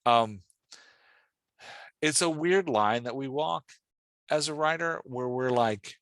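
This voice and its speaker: A podcast host who also coaches writing speaks slowly in a mid-range, slightly bright voice with no echo. He gives a writer casual, encouraging feedback on their dialogue, talking loosely and using plenty of filler words.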